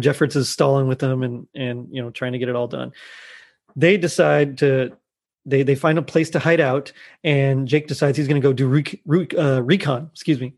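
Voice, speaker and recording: A man chatting casually as he retells a TV episode, laughing often as he goes. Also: mid-range voice. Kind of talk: casual chat recapping a TV episode.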